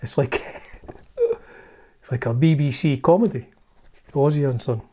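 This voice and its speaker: A man's voice: mid-range voice, measured pace, a little mellow, husky. A Scottish man hosting a casual video chat, reading from a magazine with chatty, enthusiastic asides. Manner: chatty, enthusiastic asides, swears under his breath. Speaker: vlog host.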